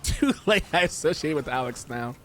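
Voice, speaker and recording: A male streamer riffing through a video game session, jokey and rambling, his pitch swinging all over the place. His speaking voice sits in a middle register, and a faint hum of ambient noise runs under it. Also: expressive, normal speed, a bit bright. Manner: jokey, rambling, goofy asides and put-on voices. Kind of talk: casual gameplay commentary.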